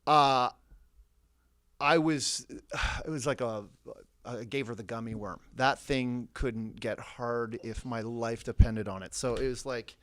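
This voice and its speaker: A young man as a podcast guest, telling a story in a profane, animated way and laughing often. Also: mid-range voice, slow. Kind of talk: casual storytelling.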